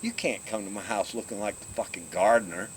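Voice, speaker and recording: A man doing a loud, brash rich playboy. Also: fairly low pitch, steady tone, a little fast, a little hiss or hum, close to an everyday voice. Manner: pushy, profane, loud. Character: brash wealthy cocaine-high tennis playboy, man.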